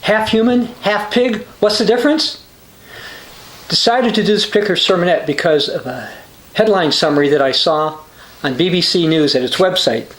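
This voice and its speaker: Male preacher, high-pitched, reads quotes and scripture for a sermonette, some hesitations; roomy echoey sound. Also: normal speed, fairly bright tone, a little hiss or hum. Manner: reads quotations aloud with frequent uh and restarts. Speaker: preacher hosting a religious news channel. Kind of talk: short sermon reading news and scripture.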